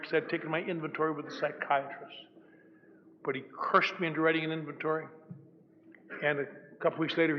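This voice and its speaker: An older man speaking at a recovery meeting, telling his story with wry, self-mocking humor. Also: a little high. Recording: dull old hall recording, faint hiss.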